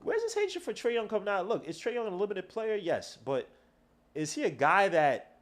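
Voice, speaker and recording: A man riffs through a basketball watch-along, trash-talking and dropping slang as he goes. His voice sits a little high, and he sounds like he is talking into a streaming mic at a desk. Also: very animated, moderate pace. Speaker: podcast host. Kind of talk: casual game watch-along commentary.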